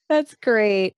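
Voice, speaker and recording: A woman's voice: high voice, no echo. A woman hosting a conversational podcast interview, responding with enthusiastic, affirming remarks. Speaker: podcast host.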